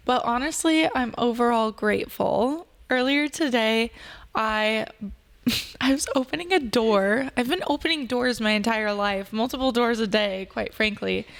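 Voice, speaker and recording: A woman's voice: a little high, a little slow, vocal fry. A woman hosting a podcast, telling stories in a chatty way and asking her guests questions. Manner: chatty storyteller, asks questions. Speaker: podcast host. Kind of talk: casual podcast chat.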